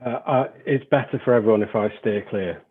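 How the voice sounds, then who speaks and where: A man with a Northern English accent presenting as an insurance lawyer in a webinar, measured and explanatory. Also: lowish voice, breathy edge, phone-quality sound.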